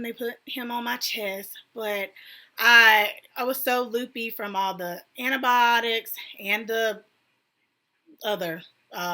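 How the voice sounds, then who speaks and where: A woman's voice: medium pitch, a bit bright. A young adult woman casually telling a personal story, full of "like" and quoted back-and-forth. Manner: conversational, many "like" and "I was like" quotes. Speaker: vlogger sharing a personal story.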